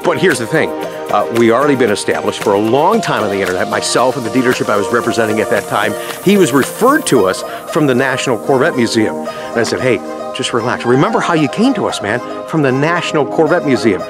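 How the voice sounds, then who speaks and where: A man's voice: mid-range voice, animated, quick pace. A middle-aged man talks casually to his viewers from outdoors, chatty and storytelling, now and then slipping into the voices of customers he describes. Faint music plays underneath his voice. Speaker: car salesman and vlog host. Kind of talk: casual vlog talk to viewers. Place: outdoors at a dealership lot.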